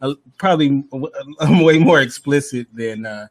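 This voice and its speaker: A man hosting a casual chat, jokey and halting, with fillers. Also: mid-range voice.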